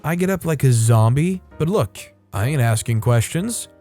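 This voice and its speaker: A man's voice: mid-range voice, lively intonation, moderate pace, warm tone, faint music behind. A man narrating online stories in a scripted read with casual, wry asides. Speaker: story narrator.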